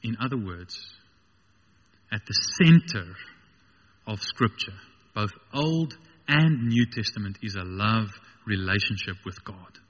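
A man's voice: fairly low pitch, takes it slowly, pauses often, in a large hall, dull audio. A man preaching a sermon with passion, building to emphatic peaks.

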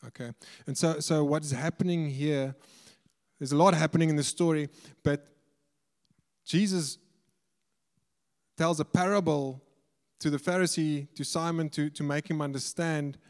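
Earnest preacher in a reverberant hall. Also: male voice, fairly high pitch, fairly even intonation, normal speed, long pauses. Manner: earnest, stumbles and repeats words when explaining. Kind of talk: sermon.

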